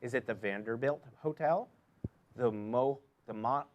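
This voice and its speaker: A man's voice: medium pitch, measured pace, lo-fi sound, slight background noise. Upbeat man hosting a trivia game. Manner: upbeat, chatty, stumbles over names. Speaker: trivia host.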